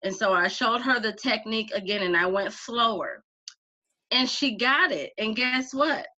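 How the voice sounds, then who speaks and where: A woman with a bright, fairly high voice, talking casually as a guest and acting out quotes as she tells stories. The recording sounds a little dull and lo-fi. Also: moderate pace. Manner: animated storyteller, acts out quotes. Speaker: interview guest, craft teacher. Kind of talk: casual conversation.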